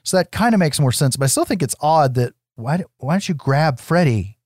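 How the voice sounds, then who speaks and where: Animated man recapping a film. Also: on the high side, fairly quick, no room sound, clean studio sound. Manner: animated storytelling, acts out quotes with laughs, swears. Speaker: podcast co-host. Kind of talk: casual film recap chat.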